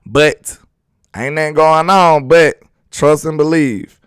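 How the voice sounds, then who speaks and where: A man's voice: on the high side, slow pace, clean tone, no room sound, studio quality. Laid-back slangy man hosting a live stream. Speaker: sports live-stream host. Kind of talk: casual live-stream commentary, reading chat aloud.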